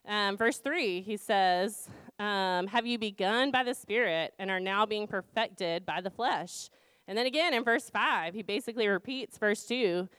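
A woman in her thirties who leads a campus ministry team gives students an informal Bible talk, using lots of fillers and rhetorical questions. Her voice is medium-pitched, fairly bright and a little slow, recorded cleanly with no room sound.

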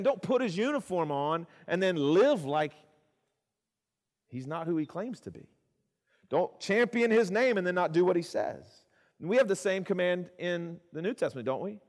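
A male pastor, preaching a sermon in a conversational way, with asides to the congregation and repeated phrases for emphasis. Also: high-pitched. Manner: repeats phrases for emphasis, swings from loud to hushed. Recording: long hall reverb.

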